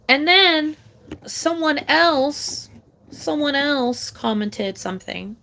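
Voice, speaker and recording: Brief: young female vlogger, slightly high voice, casual swearing rant, lively swings from loud to low. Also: takes it slowly. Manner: swearing, rambling, animated, with big jumps in pitch and loudness.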